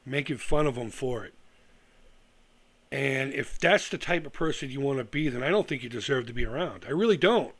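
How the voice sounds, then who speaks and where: A man's voice: fairly high pitch, fairly bright tone. A middle-aged man ranting to viewers on a live stream, heated, sarcastic and profane, often stumbling and restarting his sentences. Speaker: retro gaming YouTuber on a live stream.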